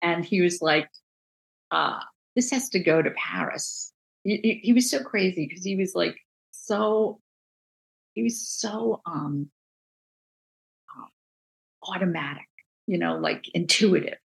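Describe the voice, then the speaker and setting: Gravelly New Jersey woman telling stories. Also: lowish voice, slow pace, long pauses, rough recording. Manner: animated, acts out quoted voices, many restarts. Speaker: book designer, guest. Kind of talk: casual interview storytelling.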